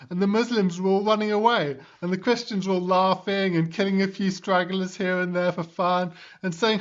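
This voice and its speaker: High-voiced man, gushing theatrical storyteller. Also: steady tone, brisk, dull audio. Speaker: co-presenter pitching a story. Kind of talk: comic sketch dialogue.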